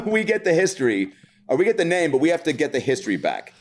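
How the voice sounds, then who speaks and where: A man in his thirties from the Seattle area, a comedian guest telling animated, profane stories in casual chat. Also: a little high, fast.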